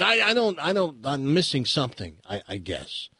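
An American man is hosting a talk radio show, musing aloud in an opinionated, rambling way full of restarts. His husky voice swings up and down a lot as he talks. It is recorded close and dry on a studio microphone. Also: on the high side, wildly swooping pitch, moderate pace, sharp tone, dry recording. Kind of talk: casual talk radio monologue.

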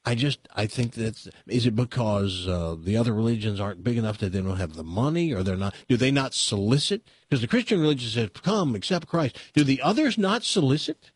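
A man's voice: mid-range voice, lively intonation, fairly quick, few pauses, slightly rough, no echo, clean studio sound. A man with an American accent hosting a talk radio show, opinionated and rambling, with many restarts and fillers. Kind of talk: casual talk radio monologue. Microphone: studio microphone.

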